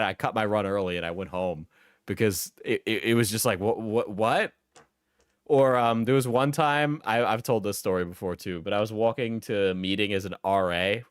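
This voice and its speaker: A man's voice: lowish voice, clear, resonant tone, no echo, clean studio sound. A man in his twenties, a live streamer, chatting casually and telling rambling stories with lots of slang and swearing.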